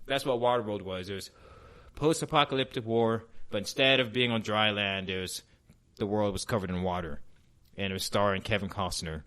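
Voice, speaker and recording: A man's voice: on the low side, fairly quick, fairly bright tone. Rambling, profane male podcast host. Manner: rambling, profane, with many ums and searching for names. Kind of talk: casual comedy chat.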